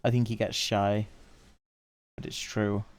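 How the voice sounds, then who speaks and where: A man's voice: lowish voice, level tone, a little slow, no room sound. A man chatting casually with viewers on a livestream while he draws, in an easygoing, rambling way.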